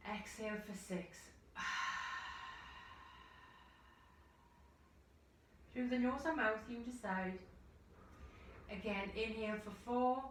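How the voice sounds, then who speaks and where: A woman yoga teacher from the United Kingdom, guiding a class through slow, soothing breathing cues and audible sighing breaths. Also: on the high side, noisy background. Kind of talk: guided yoga instruction. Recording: echoey room, voice from far off the mic.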